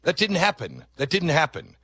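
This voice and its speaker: Emphatic man, lively bright voice. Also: on the high side, slightly rough, dry recording. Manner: emphatic, conversational, with dramatic pauses. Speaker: talk show host. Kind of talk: commentary monologue.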